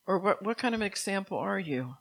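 A preacher delivers a sermon to a gathered congregation in an earnest, exhorting tone. The voice sits at a middle pitch. Phrases restart and repeat as the thought builds. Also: lively intonation, fairly quick, creaky, fairly bright tone, poor audio. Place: room with a live congregation.

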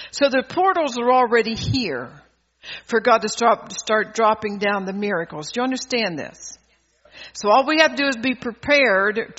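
Fired-up guy preaching in church, super high bright voice, dull recording with long reverb. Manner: impassioned, fervent preaching with rhetorical questions. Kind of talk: sermon. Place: church service.

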